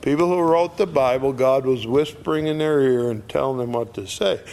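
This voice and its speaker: A man's voice: mid-range voice, normal speed, a little mellow. A man teaching a Bible passage in a conversational, folksy way, with many fillers and acted-out quotes. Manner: folksy, filler-heavy, acts out scoffers' voices.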